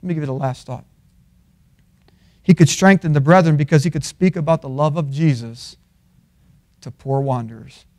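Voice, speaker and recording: A man with a high-pitched voice preaches a sermon in a college chapel. He moves between loud, emphatic peaks and low, quiet asides. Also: normal speed, long pauses.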